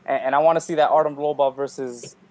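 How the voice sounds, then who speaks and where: A man's voice: medium pitch, fairly even intonation, fast, a little mellow, low-quality recording. A man on an MMA podcast panel, talking in a blunt, profane, joking way. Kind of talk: casual MMA podcast chat.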